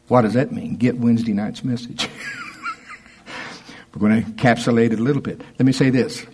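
A man preaching a sermon as pastor, conversational and emphatic, rising to forceful punches. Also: medium pitch, animated, moderate pace, slightly rough.

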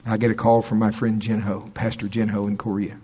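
A middle-aged man preaching, telling a story in an animated way and acting out quoted people with a raised voice. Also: fairly low pitch, brisk, husky. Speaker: pastor. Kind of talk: sermon storytelling.

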